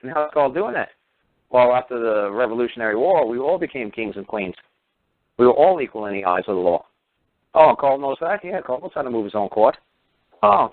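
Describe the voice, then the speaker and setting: Heated and swearing, a male radio show talker rants with a mid-range voice, throwing out combative rhetorical questions. The recording is dry, with the tinny quality of phone-line radio audio.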